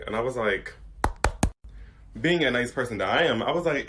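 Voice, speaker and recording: A man's voice: medium pitch, expressive, moderate pace, fairly bright tone, a little hiss or hum. A young man telling a casual storytime in a laid-back, weary way.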